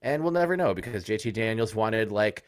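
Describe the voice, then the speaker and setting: A man's voice: fairly low pitch, expressive, brisk. A young man co-hosting a sports podcast in casual chat, jokey and rambling, laughing often. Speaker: podcast co-host.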